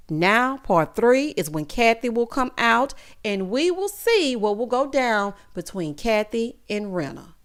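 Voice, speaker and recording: A woman hosting a reality TV recap channel, talking in a sassy, casual way and calling her viewers honey and child. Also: mid-range voice.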